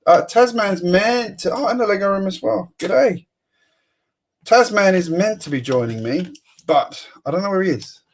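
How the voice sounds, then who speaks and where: A man's voice: high voice, expressive, moderate pace. A man hosting a casual live stream, chatting to viewers while he sorts bricks and mutters to himself. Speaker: host of a building live stream.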